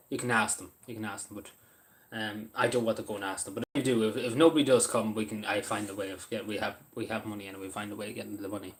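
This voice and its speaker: A lower-voiced Irish man chats loosely with his live-stream audience, answering messages as they come in. He rambles and restarts his sentences, fills gaps with ums, and sometimes talks with food in his mouth. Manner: eats while talking. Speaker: livestreamer reading chat. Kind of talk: casual live-stream chat.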